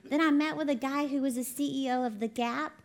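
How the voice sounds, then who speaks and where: A high-voiced woman delivers a conversational sermon. She tells folksy stories in a chatty way, often laughing along with her own stories. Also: fairly even intonation, fairly quick. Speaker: ministry CEO and preacher.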